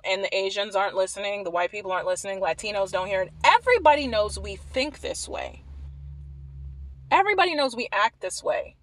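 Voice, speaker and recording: A woman's voice: medium pitch, no room sound, poor audio. A woman vlogger delivering emphatic opinion commentary, pressing her points with rhetorical questions.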